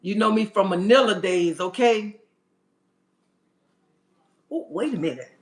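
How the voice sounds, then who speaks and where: Speaking in a high-pitched, animated voice at a measured pace, a man rants on a livestream with sass and emphasis, calling viewers "honey" and asking "okay?". The recording sounds echoey and roomy.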